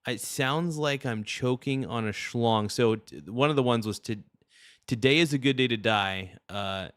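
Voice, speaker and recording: A man's voice: medium pitch, unhurried, a bit bright, no room sound, studio quality. A man hosting a livestream, chatting casually and crudely while thanking viewers for gifts. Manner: rambling, joking, crude. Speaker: livestream host.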